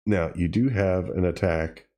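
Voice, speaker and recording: A man hosting a tutorial, casually demonstrating gear and thinking aloud with pauses and self-corrections. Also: low voice, mellow. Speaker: tutorial host. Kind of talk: casual demo while playing. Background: drum machine sounds he is playing.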